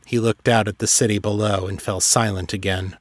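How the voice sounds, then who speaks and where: Male narrator, low and measured, dramatic fantasy reading, dry booth sound. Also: steady tone, no room sound. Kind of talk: scripted narration.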